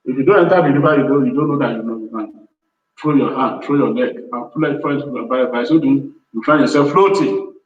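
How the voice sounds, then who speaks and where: A man's voice: mid-range voice, brisk, slight background noise. Man exhorting, roomy and distant. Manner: exhorting, repetitive, pleading. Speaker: host of a business show. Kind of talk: motivational talk to viewers. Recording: distant, roomy, dull sound.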